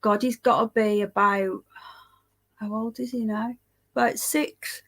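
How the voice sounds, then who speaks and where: A woman's voice: on the high side, steady tone, measured pace, long pauses, fairly bright tone. A tired, yawning woman hosts a casual livestream, rambling chattily, greeting viewers by name and swearing now and then. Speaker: livestream host reading live chat.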